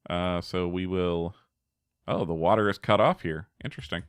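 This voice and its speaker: A man's voice: sits low, lively intonation, normal speed, a bit bright, clean tone, no echo, studio quality. A man giving casual gameplay commentary as a streamer, chatty, laughing often and talking back to his chat.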